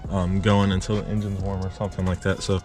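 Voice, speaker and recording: A man's voice: sits low, level tone, quick pace, music in the background. Breathless man fixing his truck engine. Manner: rambling, self-interrupting, talks to the camera. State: out of breath, sick. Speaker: car repair vlogger. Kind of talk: casual how-to narration while working. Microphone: action camera.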